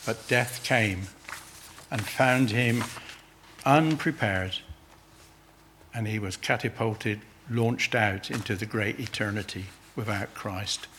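A man's voice: mid-range voice, fairly bright tone, a little hiss or hum. A man preaching a sermon, earnestly pressing his listeners with urgent questions.

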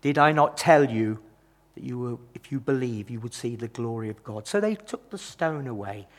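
A man preaching a sermon, retelling a Bible story with dramatic rises and hushed drops. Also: expressive, normal speed. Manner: dramatic, rises and falls in pitch and loudness.

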